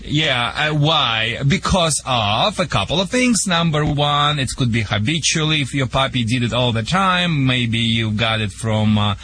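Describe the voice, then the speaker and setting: A man's voice: mid-range voice, expressive, sharp tone, husky. Joking Russian-accented man on radio. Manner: joking, self-mocking, halting with many fillers. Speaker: dog trainer on a radio show. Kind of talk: radio call-in advice.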